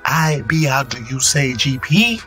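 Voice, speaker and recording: A teasing, mock-French fellow who fumbles his phrases on a podcast, as a man puts him on. His voice sits a little high and swings widely, with faint music behind. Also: huge pitch swings, normal speed, sharp tone, full character voice. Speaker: podcast co-host.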